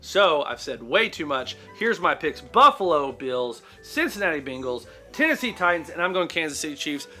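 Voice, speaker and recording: A man's voice: a little high, very animated, normal speed, hardly any pauses, bright, forceful tone, faint music behind. A man co-hosting a comedic sports betting show, making picks in jokey, crude banter.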